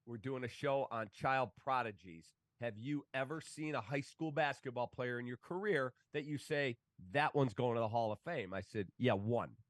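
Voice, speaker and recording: A man's voice: mid-range voice, no echo. A man, a sports broadcaster telling stories in casual talk and acting out the voices of the people in them. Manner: animated, acts out quoted voices. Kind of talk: casual storytelling.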